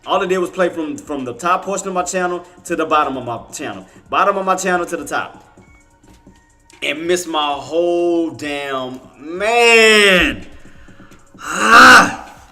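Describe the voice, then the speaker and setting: Frustrated bright-voiced man trading live. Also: fairly high pitch, moderate pace, soft background music. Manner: frustrated, repetitive, casual slang, cursing under breath. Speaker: day trading livestream host.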